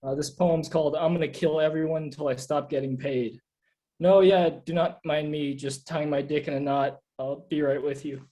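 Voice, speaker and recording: Man, deadpan poetry reader, mellow dark tone, absurd verse. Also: a little high, moderate pace, slight background noise, poor audio. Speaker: poet reading own work. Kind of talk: live poetry reading.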